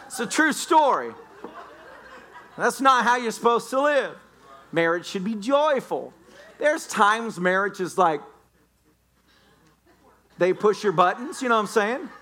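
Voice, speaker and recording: A man's voice: high voice, lively intonation, a little slow, long pauses, pushed and bright. A man preaching a sermon as a pastor, joking and playfully telling stories to the congregation. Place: church sanctuary.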